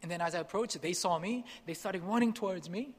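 A young man from Korea telling a personal testimony as a missionary speaker, animated and acting out the dialogue. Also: high voice, fairly quick, slightly rough. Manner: animated, acts out dialogue, laughs at himself. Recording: long hall reverb.

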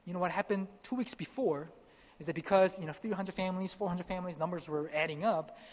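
A young man from Korea telling a personal testimony as a missionary speaker, animated and acting out the dialogue. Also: sits high, quick pace. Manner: animated, acts out dialogue, laughs at himself. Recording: long hall reverb.

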